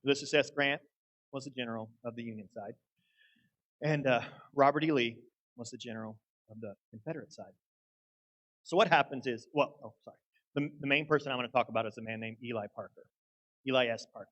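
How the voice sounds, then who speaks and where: A man's voice: medium pitch, fairly quick, long pauses, fairly bright tone, rough recording. A young man preaching a sermon, folksy and earnest as he tells a story. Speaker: guest preacher.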